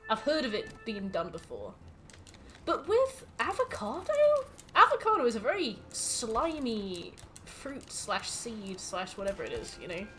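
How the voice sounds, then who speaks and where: A woman's voice: on the high side, big pitch swings, unhurried, a bit bright, faint music behind. A woman with an English accent chatting casually as she plays, reading out ingredients and ranting jokily with some swearing. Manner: swearing, reads out ingredients, jokey rants. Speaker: streamer. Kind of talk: casual gameplay commentary.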